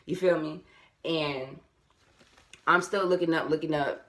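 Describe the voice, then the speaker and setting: Low-voiced woman telling a story casually. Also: unhurried. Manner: animated, repetitive, addresses viewers as y'all. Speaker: vlogger.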